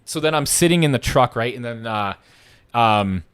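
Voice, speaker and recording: Podcast host, male, mid-pitched, casual storyteller, heavy swearing and repetition. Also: moderate pace, clean tone. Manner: profane, animated, repeats himself.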